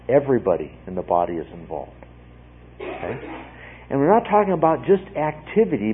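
A man teaching through scripture to a congregation, emphatic and repetitive, checking in with "okay?" after each point. His voice is a little husky and sits at a middle pitch. The recording is narrow and tinny, like an old radio broadcast heard over a phone line. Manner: emphatic, repeats phrases, frequent "okay?" check-ins. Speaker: Bible teacher. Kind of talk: verse-by-verse Bible teaching.

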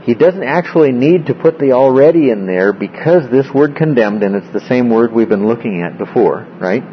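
A man's voice: mid-range voice, animated, moderate pace, a little hiss or hum. Lo-fi recording of a man teaching Bible study. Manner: explanatory, asks frequent check-in questions. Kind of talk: classroom Bible study with questions to the group.

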